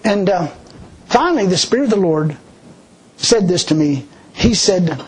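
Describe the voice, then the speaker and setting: A man with an expressive, husky voice gives a sermon drawn from his own life, chatting folksily and frequently starting over. He goes low and slow whenever he quotes God, and the recording is low quality.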